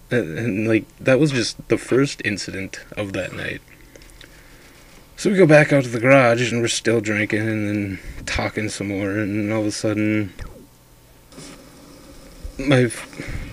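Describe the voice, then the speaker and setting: A man's voice: lowish voice, slightly rough. A man casually telling a drunken ghost story, rambling and swearing a lot.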